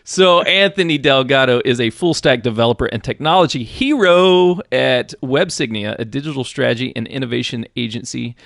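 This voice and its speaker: A man's voice: mid-range voice, moderate pace, gravelly, few pauses, dry recording, studio quality. A man hosting a tech podcast, chatty and upbeat, laughing often as he talks with his guest. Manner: chatty, laughs often, shifts into a soft radio voice. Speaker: podcast host. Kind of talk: casual podcast chat.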